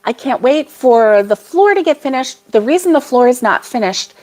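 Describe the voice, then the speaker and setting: A woman's voice: high voice, lively intonation, normal speed, a little mellow. A woman hosting a casual livestream chat with viewers, rambling and laughing often. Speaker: crochet channel host.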